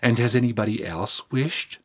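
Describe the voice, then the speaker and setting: A man reading aloud as a wry, practical older mother, his voice pitched up for her. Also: moderate pace, lightly acted. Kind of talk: audiobook reading.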